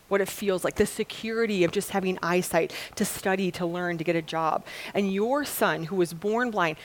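Woman pastor, middle-aged, preaching, lively storytelling, quick acted-out quotes. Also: medium pitch. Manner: lively storytelling, acting out voices in retold dialogue. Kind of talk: sermon.

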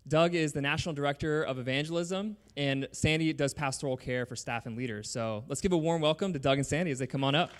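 A man hosting a church service, introducing guests and leading prayer in an earnest, halting way. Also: a little high.

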